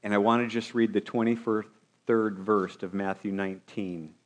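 Male pastor, lower register, preaching a New Year sermon to his church. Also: steady tone, a little slow. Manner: preaching with rhetorical questions to the congregation.

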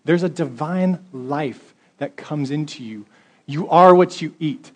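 A man's voice: fairly high pitch, unhurried, darkish tone. Man preaching with emphatic, rising delivery. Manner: conversational preaching, building to emphatic exhortation. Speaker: pastor. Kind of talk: sermon with scripture reading.

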